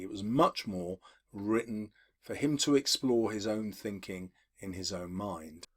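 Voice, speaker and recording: A man teaching a literature lesson, explaining poetry for exams in a measured way with occasional fillers. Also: on the low side. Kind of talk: exam-focused literature lesson video.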